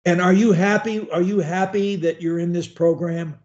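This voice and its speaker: A man's voice: sits high, fairly even intonation, normal speed, a little mellow, muffled recording. A man coaching a student one-on-one over a video call, talking in a folksy, rambling, encouraging way. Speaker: speech coach.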